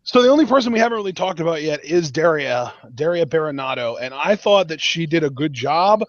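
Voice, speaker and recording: A man's voice: fairly high pitch, expressive, a little fast, dry recording. A man co-hosting a casual wrestling review podcast, giving emphatic, opinionated takes with frequent restarts. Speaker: podcast co-host. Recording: dull lo-fi dry podcast audio.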